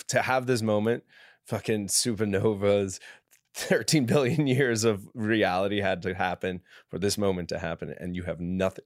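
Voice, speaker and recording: A man's voice: low-pitched, no echo, clean studio sound. A young man who is a guest on a casual podcast, talking in a laid-back, reflective way.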